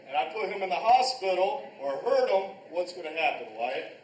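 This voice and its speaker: A man teaching a live karate class, barking short commands and shouting counts, recorded in a restaurant event space from a distance. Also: high-pitched, big pitch swings, normal speed, a little hiss or hum. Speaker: martial arts instructor. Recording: echoey room, picked up from far off.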